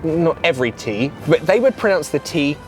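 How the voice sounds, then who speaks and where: A woman's voice: low-pitched, very animated, moderate pace, a little mellow, soft background music. A woman with a London accent, chatting casually as a guest and demonstrating ways of pronouncing English. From London, England. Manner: explains pronunciation and demonstrates accents. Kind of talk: casual chat.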